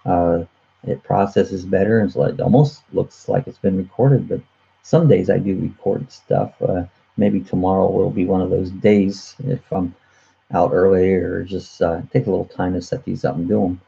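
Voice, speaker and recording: Man hosting a live chat, husky low voice, rambling with fillers, dull webcam mic audio. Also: steady tone, normal speed, mellow. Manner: chuckling, many uh fillers and restarts. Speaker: host of a live chat show. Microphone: computer webcam mic.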